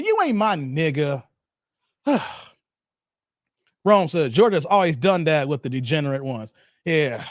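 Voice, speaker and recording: Man, high voice, lively swings in pitch, AAVE, ranting stream host. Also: dry recording, studio quality. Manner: animated, swings between shouting and muttering, reads chat aloud. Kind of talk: ranting live-stream commentary.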